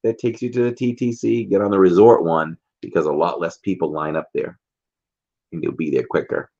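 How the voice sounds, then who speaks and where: A man's voice: low voice, fairly even intonation, a little fast, creaky, warm tone. A man co-hosting a casual livestream, telling teasing stories and laughing often. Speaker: livestream co-host. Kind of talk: casual chat. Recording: dull lo-fi stream audio.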